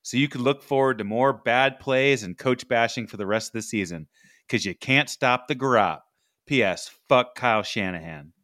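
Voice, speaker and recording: A man's voice: mid-range voice, moderate pace, a bit bright, no room sound, clean studio sound, lightly acted. A man voicing a smug, taunting male quarterback reading out a mocking letter. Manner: mocking, trash-talking.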